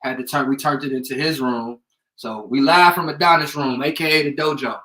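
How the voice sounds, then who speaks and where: A man's voice: mid-range voice, fairly even intonation, brisk, pushed and bright, rough recording. A young man from Indiana hosting a casual livestream from a bedroom at home, rambling, swearing freely and calling out viewers by name. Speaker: livestream host. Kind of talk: casual live-stream chat.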